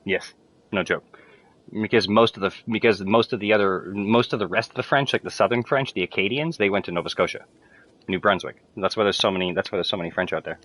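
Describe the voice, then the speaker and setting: A man's voice: on the low side, quick pace, fairly bright tone, dry recording. A man chatting casually while playing a video game, rambling with lots of fillers and swearing freely. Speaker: gamer streaming to friends.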